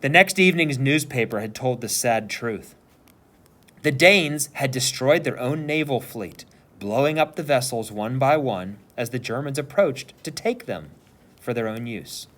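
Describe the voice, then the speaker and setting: Brief: teacher narrating a chapter book, animated, lively intonation. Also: male voice, medium pitch, measured pace. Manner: expressive, animated storytelling. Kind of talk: reading a novel aloud.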